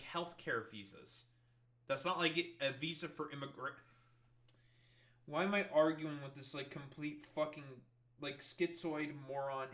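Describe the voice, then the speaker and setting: A man's voice: mid-range voice, bright, forceful tone. A young man streaming live commentary, swearing a lot and sounding sarcastic and incredulous. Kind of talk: livestream reaction commentary.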